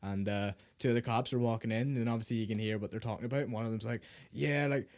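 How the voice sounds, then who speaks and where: A man's voice: on the low side, very fast. A man co-hosting a casual podcast, telling stories with lots of swearing and laughter. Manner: sweary, laughing storyteller, animated retellings. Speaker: podcast co-host. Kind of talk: casual chat.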